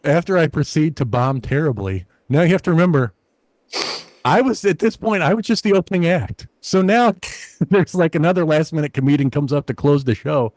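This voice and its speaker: Animated comedian man telling a story. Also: on the high side, brisk, no room sound. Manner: animated anecdote-teller, acts out quoted voices. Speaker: stand-up comedian guest. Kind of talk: casual storytelling interview.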